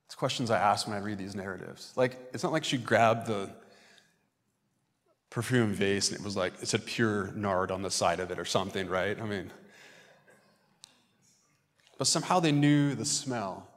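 A man's voice: on the low side, moderate pace, long pauses, in a large hall. A male pastor preaching a conversational sermon in a church and now and then acting out the voices of the people in his text. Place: church sanctuary.

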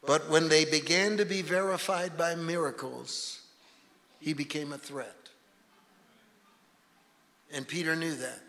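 High, bright-voiced man preaching dramatically. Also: steady tone, unhurried, pauses often. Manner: dramatic, swings from shouting to hushed intensity. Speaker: guest preacher. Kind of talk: revivalist sermon. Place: church sanctuary. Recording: reverberant church hall, faint room noise.

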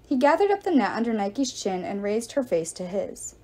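A woman reading a novel aloud as narrator, with expressive, animated delivery. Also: mid-range voice, normal speed. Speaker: audiobook reader.

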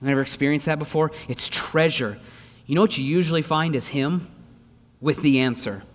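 A man's voice: on the high side, normal speed, in a large hall. A man, a pastor, preaching a sermon with lots of energy and repeated rhetorical questions to the congregation, sometimes acting out the voices of the people he quotes. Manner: acts out voices in quoted lines. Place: church sanctuary.

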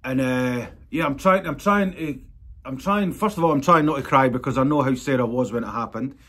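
A man's voice: medium pitch, a little fast, fairly bright tone. A man, a tattoo artist talking straight to his viewers in a vlog, blunt, angry and sweary. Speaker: tattoo artist and channel host. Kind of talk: direct-to-camera vlog update.

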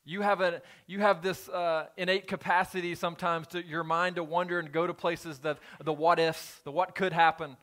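A man, a pastor, preaching a sermon in a church, moving between quiet scripture reading and emphatic appeals. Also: fairly high pitch, little pitch movement, normal speed, few pauses. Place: church sanctuary.

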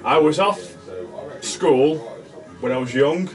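A man in his twenties co-hosting a horror podcast, telling a story in an animated, sweary way. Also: a little high, slow pace, recorded from a distance, music in the background. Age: 20s. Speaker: podcast co-host. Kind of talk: casual chat.

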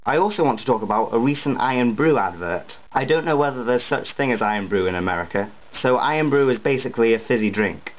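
Brief: young guy, vlogger, chatty and wry, dull lo-fi sound. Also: medium pitch. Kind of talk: casual vlog chat. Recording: dull lo-fi home recording.

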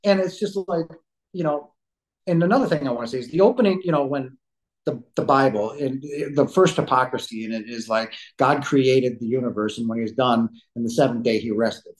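A man appears as a guest on a podcast, sharing a personal story in an emphatic, outspoken manner with a mid-range, fairly quick voice. He rambles loosely, restarting sentences, filling gaps with fillers and tossing in blunt words for emphasis. The audio quality is poor.

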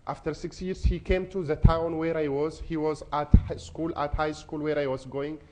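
Earnest young man, slightly high voice, giving a heartfelt testimony. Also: flat delivery, moderate pace, darkish tone, a little hiss or hum. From Ethiopia. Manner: earnest, emotional storytelling. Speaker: speaker. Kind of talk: personal testimony.

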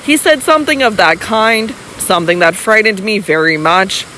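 A woman's voice: mid-range voice, moderate pace, bright, forceful tone, slight background noise, natural voice, low-quality recording. A woman voicing a young lady who argues her case earnestly and coaxes her husband tenderly. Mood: frightened. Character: scheming young lady, frightened yet persuasive.

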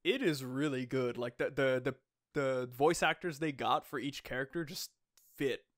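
A man's voice: medium pitch, moderate pace. A young man co-hosting a podcast, chatting eagerly and laughing often, with lots of fillers. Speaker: podcast co-host. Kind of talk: casual chat.

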